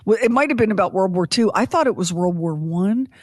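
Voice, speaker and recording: A woman's voice: mid-range voice, lively intonation, brisk, dry recording. Chatty woman podcast host, dry sound. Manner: chatty, tangential, self-deprecating humor. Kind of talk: casual conversational podcast.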